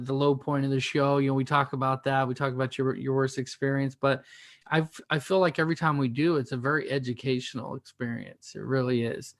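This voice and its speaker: A man's voice: medium pitch, dry recording. Chatty male podcast host, dry sound. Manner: rambling, encouraging, restarts sentences. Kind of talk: casual interview hosting.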